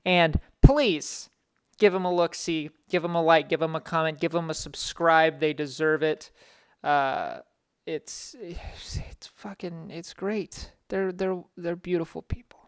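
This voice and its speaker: A man's voice: fairly high pitch, unhurried, smooth, no room sound, studio quality. A young man hosting a podcast in casual chat, rambling with frequent restarts and self-interruptions. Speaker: podcast host.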